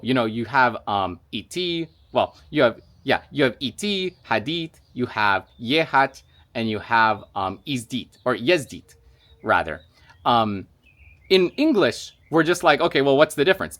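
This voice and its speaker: Male channel host, casual monologue, rambling with fillers, lively pitch. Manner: rambling, many fillers and restarts.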